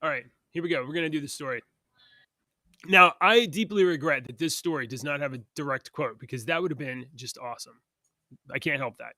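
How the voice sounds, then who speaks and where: A man's voice: fairly high pitch, fairly quick, sharp tone, no room sound, studio quality. A man hosting a casual podcast, chatting and reading news stories aloud, stumbling over words now and then. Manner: chatty, stumbles and restarts while reading headlines. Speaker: podcast host.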